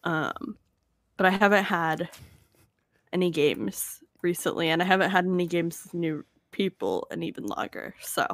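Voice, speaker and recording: A woman's voice: fairly low pitch, expressive, moderate pace, dry recording. A woman co-hosting a casual podcast, rambling and hesitant with lots of fillers. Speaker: podcast co-host.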